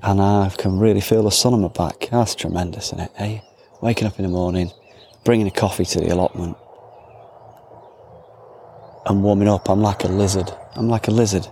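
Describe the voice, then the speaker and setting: A man's voice: low-pitched, fairly even intonation, fairly quick, mellow, slight background noise. A man hosting a podcast, chatting casually while he walks around an allotment, with rambling, self-deprecating asides. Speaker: podcast host. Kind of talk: casual outdoor monologue. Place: outdoors at an allotment.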